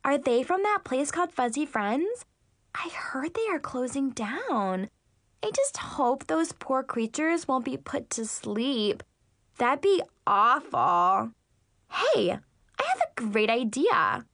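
A fake-sweet, snobby teenage girl who gushes in a high, sugary, drawn-out voice, as a woman narrator puts her on. The sound is close and completely dry, with no room at all. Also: big pitch swings, fairly bright tone, no room sound, heavily acted. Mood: gushing.

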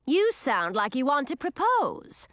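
Lady doing a bossy old witch lady, lively and blunt, kinda scolding. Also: high voice, measured pace, no room sound, studio quality, voice pushed up, heavily acted. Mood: brusque. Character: blunt old woman witch, gruff but kind.

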